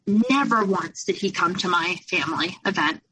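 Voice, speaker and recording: A woman telling her own story as a podcast guest, candid and lively when she quotes others. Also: lowish voice, moderate pace, a little hiss or hum, low-quality recording. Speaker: podcast guest, abuse survivor. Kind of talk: personal storytelling in an interview.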